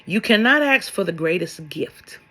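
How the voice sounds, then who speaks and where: Blunt, husky-voiced woman love coach. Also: fairly low pitch, lively intonation, normal speed, a bit bright. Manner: blunt, sassy, swears, fires rhetorical questions. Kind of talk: preachy vlog monologue.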